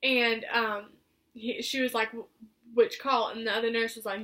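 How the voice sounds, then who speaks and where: A woman's voice: fairly high pitch, steady tone, normal speed, pushed and bright. A young woman telling a personal story to camera in a chatty, filler-heavy way, acting out what others said. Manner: chatty, filler-heavy, acts out quoted voices. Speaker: vlogger.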